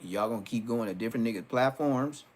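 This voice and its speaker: Brief: middle-aged man, livestream host, joking storyteller, mid-pitched. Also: fairly quick. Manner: joking, storytelling with acted-out quotes. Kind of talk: casual livestream rant.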